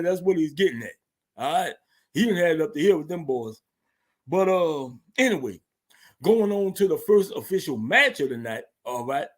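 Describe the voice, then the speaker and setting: High-voiced man recapping wrestling casually. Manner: loose slangy storytelling with profanity and laughter. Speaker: host.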